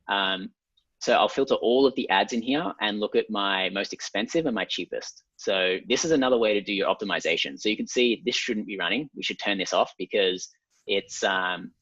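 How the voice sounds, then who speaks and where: A man's voice: on the low side, slightly rough, no room sound. A man with an Australian accent, a guest ad consultant, walking step by step through an ad setup on screen with frequent ums. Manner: steady, methodical, frequent ums. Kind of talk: explaining a screen walkthrough. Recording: slightly dull lo-fi sound.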